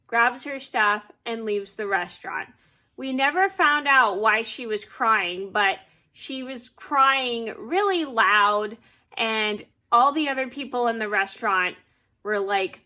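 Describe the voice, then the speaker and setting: A woman's voice: fairly high pitch, bright, forceful tone. A young woman telling a rambling, repetitive work story as a casual storytime vlog at home, padding it with "blah, blah.".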